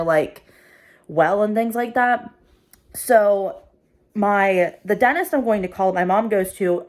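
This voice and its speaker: Anxious rambling young woman vlogger. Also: mid-range voice. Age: 20s. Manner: rambling, anxious, filler-heavy "like". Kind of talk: confessional casual vlog.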